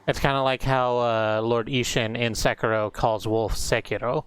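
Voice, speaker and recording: A man's voice: medium pitch, steady tone, normal speed. A man streaming a game and chatting casually, thinking aloud with a wry manner. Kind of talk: casual gameplay commentary. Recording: game music behind.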